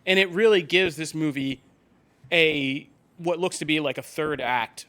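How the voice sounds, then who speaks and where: A man hosting a casual pop culture podcast, steering the talk from topic to topic, animated and laughing often. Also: on the high side, a little slow. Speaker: podcast host. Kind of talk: casual chat.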